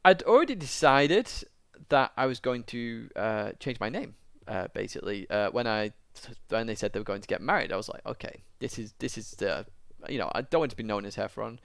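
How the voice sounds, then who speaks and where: A man's voice: on the low side, animated, brisk, gravelly, a bit bright, no room sound. A young man, a YouTuber, telling a long personal story to camera in a rambling, casual way. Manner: rambling, lots of fillers, tearing up at moments.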